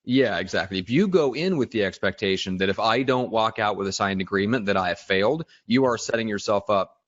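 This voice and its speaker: A man's voice: fairly low pitch, expressive, brisk, no room sound. A man hosting a real estate talk show live, explaining ideas step by step and steering the conversation. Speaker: show host. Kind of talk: casual livestream talk, coaching. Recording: dry, slightly dull livestream audio.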